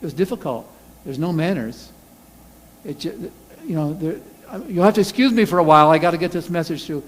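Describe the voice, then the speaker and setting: A man preaching a sermon as pastor, animated, acting out angry quotes in a loud voice. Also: fairly high pitch, a little fast. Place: church sanctuary. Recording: reverberant church hall.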